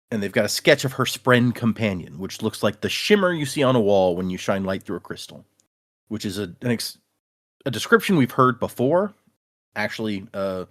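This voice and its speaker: A man co-hosting a podcast in a casual book chat, acting out the characters' lines. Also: lowish voice. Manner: animated, acts out characters' lines. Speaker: podcast co-host.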